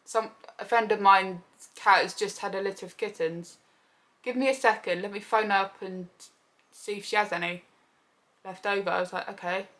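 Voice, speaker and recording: A woman's voice: mid-range voice, moderate pace. A young woman, telling a personal story in a casual, chatty vlog and acting out what people said. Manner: chatty, animated retelling with quoted voices. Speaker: vlogger.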